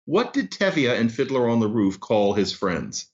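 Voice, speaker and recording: A man who is an author and linguist, explaining things in an animated, storytelling way as a podcast guest. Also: medium pitch, moderate pace, lo-fi sound. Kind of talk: explanatory interview talk.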